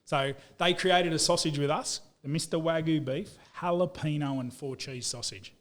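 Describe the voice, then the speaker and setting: A man's voice: fairly high pitch, moderate pace. A man with an Australian accent telling stories in a laid-back, blokey way, full of "mate" and "you know", as a guest on a casual podcast. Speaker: business owner.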